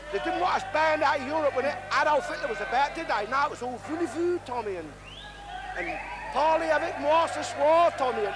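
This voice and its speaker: A man playing a crude, bigoted old Cockney woman who rants in a shrill voice. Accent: London Cockney. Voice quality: shrill, ranting, coarse. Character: crude London-accented old woman, loud bigoted royal caricature. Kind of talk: comic sketch impression. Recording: noisy old broadcast recording.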